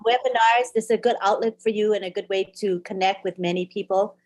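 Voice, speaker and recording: Webinar host, woman, encouraging and casual, middle pitch. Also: steady tone, quick pace, a crowd in the background. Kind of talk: casual hosting.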